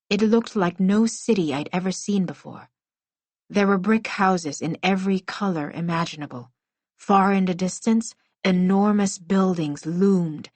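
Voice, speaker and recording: A woman's voice: fairly low pitch, no echo. A woman reading a first-person middle-grade novel aloud as an audiobook narrator, telling it expressively.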